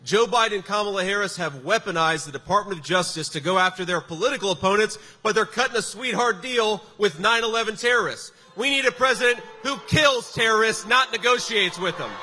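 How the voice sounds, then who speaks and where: A man's voice: high voice, brisk, hardly any pauses, sharp tone. Emphatic man giving a rally speech. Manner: emphatic, punchy delivery with sarcastic jabs. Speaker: political candidate at a rally. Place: large rally venue before a crowd. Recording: echoey hall sound with faint background noise.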